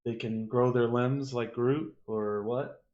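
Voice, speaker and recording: A man's voice: mid-range voice, fairly even intonation, slow pace, a little mellow. Easygoing male player, casual game talk, dull lo-fi sound. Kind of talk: casual tabletop play. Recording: slightly dull lo-fi audio.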